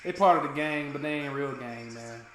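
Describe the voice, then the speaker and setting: A man's voice: medium pitch, moderate pace, fairly bright tone. Profane joking man, echoey room. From United States. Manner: joking, profane, teasing banter. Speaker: co-host of a footy watch-along. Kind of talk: casual streaming chat. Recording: echoey room with faint noise.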